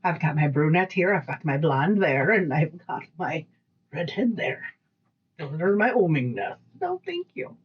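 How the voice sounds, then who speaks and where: Woman co-host, husky voice, casual rambling chat, recorded lo-fi. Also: low-pitched, unhurried. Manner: rambling storyteller, lively quoted voices. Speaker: podcast co-host.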